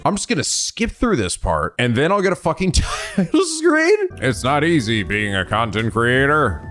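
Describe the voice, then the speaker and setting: A young man commentates a game in a loose, profane stream of talk. His pitch swings wildly from grumbling lows to squeaky highs, and he breaks into laughter often. Faint music plays behind him. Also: normal speed. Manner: excitable, profane, laughs often, jumps between mutters and yelps. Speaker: let's play host. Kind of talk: casual gameplay commentary.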